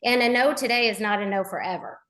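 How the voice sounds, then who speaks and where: A woman's voice: medium pitch, fast, fairly bright tone. A woman on a team video call sharing her story and earnestly encouraging others. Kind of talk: casual motivational talk on a group call.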